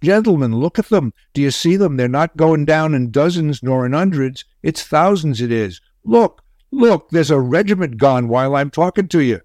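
A man voicing an excitable common British soldier who bellows in a colloquial way. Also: fairly high pitch, moderate pace, hardly any pauses, no echo, studio quality, voice pushed up, natural voice. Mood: amazed.

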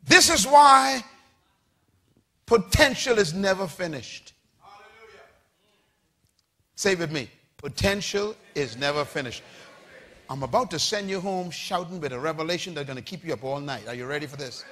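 A man preaching a sermon to a congregation, with call-and-response lines, shouting and rising to big peaks. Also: fairly high pitch, animated, normal speed, pauses often. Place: church with congregation.

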